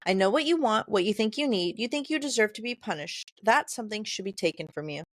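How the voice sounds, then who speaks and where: A woman on a podcast, reading quoted lines from a novel in a plain, conversational voice and stumbling now and then over hard names. Her voice sits at a middle pitch. The sound is dry and close. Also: lively intonation, fast talker, no echo. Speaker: podcast co-host. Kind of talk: casual book discussion, reading passages aloud.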